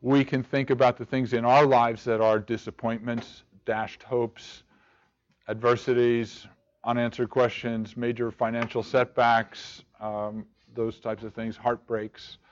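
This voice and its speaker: Man, Bible study teacher, halting delivery, repeated questions, muffled recording. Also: mid-range voice, level tone. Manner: halting, repeats and restarts words, asks rhetorical questions. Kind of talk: teaching a church study group. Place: room with a group of listeners.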